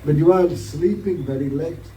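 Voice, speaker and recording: A frantic, grief-stricken queen mother pleads in a high, soft, sing-song voice, as a male storyteller puts her on. The sound comes from a distance in a roomy space. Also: normal speed, natural voice. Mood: pleading grief.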